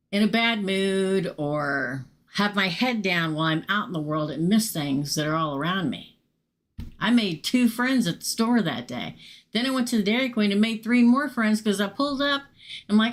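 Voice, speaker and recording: A middle-aged woman, telling a casual, animated story to viewers during a live tarot reading stream. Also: mid-range voice. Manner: chatty, animated, swears casually and talks straight to viewers. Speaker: tarot reader hosting a live show.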